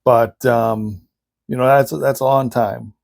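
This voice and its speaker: A man's voice: mid-range voice, steady tone, takes it slowly, gravelly, darkish tone, no room sound. A man hosting a casual show, telling funny family stories and laughing often as he talks. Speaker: podcast host. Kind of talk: casual storytelling.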